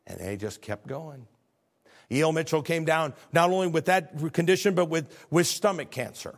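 Gravelly storytelling preacher man. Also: fairly high pitch, expressive, normal speed. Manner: storytelling preacher, rising to fervent peaks. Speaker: pastor. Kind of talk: sermon.

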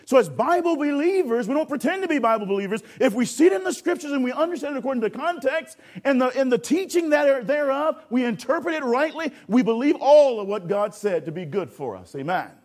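A man preaching a sermon, addressing the congregation directly and acting out a lifeguard rescue with shouting. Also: very high-pitched. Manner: calls for audience response.

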